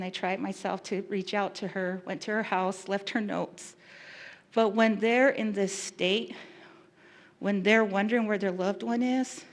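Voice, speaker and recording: Woman victim specialist giving a talk, earnest and a bit emotional, stops and restarts. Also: mid-range voice. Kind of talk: public talk.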